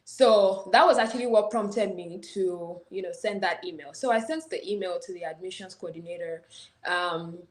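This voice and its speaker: A woman from Nigeria with a Nigerian accent blended with American tones, telling her story as an interview guest in an animated way. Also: fairly low pitch, moderate pace, reverberant. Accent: Nigerian with American influence. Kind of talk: casual interview.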